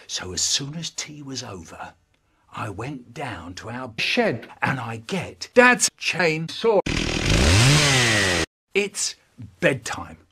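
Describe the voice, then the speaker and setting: Animated storyteller man, husky voice. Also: mid-range voice. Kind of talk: spliced comic storytelling for children.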